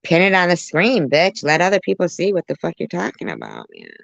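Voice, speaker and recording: Sarcastic woman with a gravelly voice. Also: lowish voice, huge pitch swings, a little fast, no room sound. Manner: sarcastic, mocking asides. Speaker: commentary channel host. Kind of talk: reaction commentary. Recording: muffled lo-fi audio.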